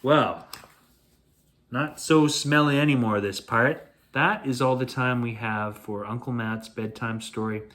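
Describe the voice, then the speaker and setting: A man hosting a show, reading a children's bedtime story aloud in a playful, expressive way. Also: medium pitch, unhurried.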